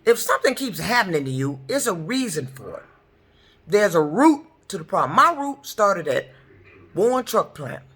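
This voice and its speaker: Middle-aged woman, bright tense voice, heated profane vlog rant. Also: mid-range voice, sing-song, moderate pace, husky. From Detroit, US. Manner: heated, profane, repetitive ranting. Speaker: truck driver. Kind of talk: angry ranting vlog.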